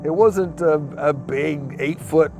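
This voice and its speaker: A man's voice: fairly high pitch, takes it slowly, dark tone, faint music behind. A man in an interview rambling through a retold story and slipping into quoted speech. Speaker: interviewee recounting a sighting.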